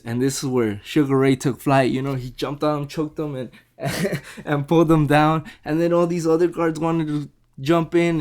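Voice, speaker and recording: A man's voice: fairly high pitch, darkish tone. A young man casually reviewing a book, rambling and repeating himself as he retells the story, now and then acting out quotes.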